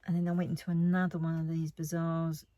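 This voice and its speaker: A woman's voice: low-pitched, monotone, fast, warm tone. A woman chatting casually about her craft haul. She rambles and often drops to a near whisper. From United Kingdom. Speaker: craft vlogger.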